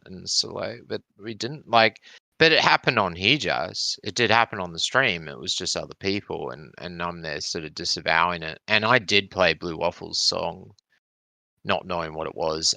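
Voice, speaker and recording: A man's voice: sits low, gravelly, pushed and bright, dry recording. A man chatting casually, rambling through a long story with frequent swearing. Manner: rambling, swearing, explaining community drama. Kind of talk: casual chat.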